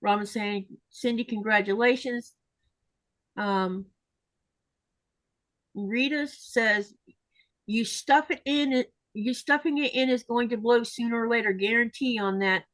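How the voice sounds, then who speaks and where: A woman's voice: fairly high pitch, fairly even intonation, a little slow, long pauses, a bit bright, dry recording, low-quality recording. Chatty woman reading out viewer comments. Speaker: livestream host reading chat. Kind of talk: casual livestream chat.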